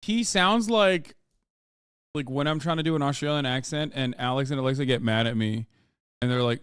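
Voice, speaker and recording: A man's voice: mid-range voice, moderate pace, fairly bright tone, clear, resonant tone, dry recording, clean studio sound. A man in his thirties giving casual, profane reaction commentary to a show, joking asides to his chat.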